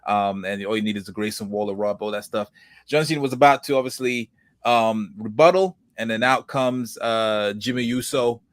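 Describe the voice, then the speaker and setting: A man's voice: fairly low pitch, steady tone, normal speed, dry recording, clean studio sound. A man co-hosting a casual wrestling podcast, rambling with lots of fillers and restarts and greeting viewers in the comments. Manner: reads viewer comments aloud. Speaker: podcast co-host.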